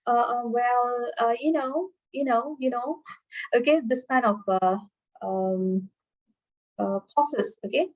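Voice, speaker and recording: A woman from Malaysia giving an English-skills webinar lesson, often pausing with fillers and checking in with okay and all right. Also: a little high, poor audio. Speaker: English lecturer.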